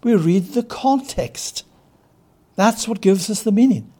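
A man teaching scripture as a preacher, with a mellow, somewhat high voice. He stretches words slowly to stress them. He fires off rhetorical questions and answers them himself. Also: expressive. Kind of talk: expository Bible teaching.

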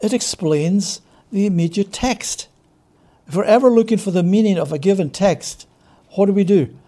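A man's voice: sits high, mellow. A man preaching a Bible study, emphatic and drawing out key words, who asks rhetorical questions and answers them himself. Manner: stretches key words slowly for stress. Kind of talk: expository Bible teaching.

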